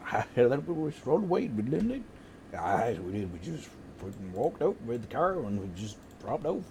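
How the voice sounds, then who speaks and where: A man's voice: medium pitch, big pitch swings, measured pace, dark tone, slight background noise. A man voicing an old rustic male gardener with a put-on West Country accent, rambling in folksy dialect. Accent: West Country English, put on.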